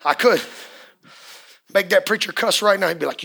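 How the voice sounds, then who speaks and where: A man preaching a fiery sermon as pastor at a church service, often shouting and repeating key words. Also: high voice, moderate pace, creaky, long pauses, breathy edge.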